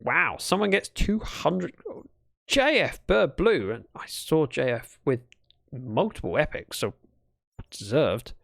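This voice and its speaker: A man's voice: fairly high pitch, big pitch swings, takes it slowly, creaky, fairly bright tone. A British man chatting casually to his live chat while building in a game, thinking aloud as he goes. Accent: British English. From Britain. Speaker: streamer.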